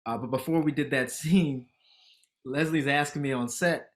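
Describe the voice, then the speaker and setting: A comedian in his thirties from the Washington, D.C. area appears as a podcast guest, telling animated stories and laughing through them in casual conversation. His voice is medium-pitched and his pace moderate.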